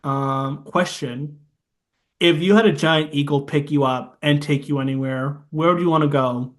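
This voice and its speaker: A man's voice: a little high, steady tone, normal speed. A man co-hosting a podcast, recapping a film in casual, rambling chat and imitating its sound effects. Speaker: podcast co-host.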